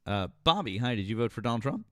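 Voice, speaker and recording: A man's voice: mid-range voice, sing-song, quick pace, no room sound. A man hosting a casual livestream chat, joking in a dry, easygoing way. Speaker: host.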